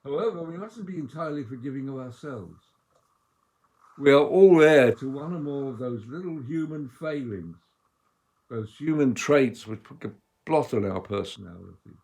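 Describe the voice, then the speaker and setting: Male rabbi, sermon read, measured and emphatic with big dynamic swings, mid-range voice. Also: mid-range voice, animated, darkish tone.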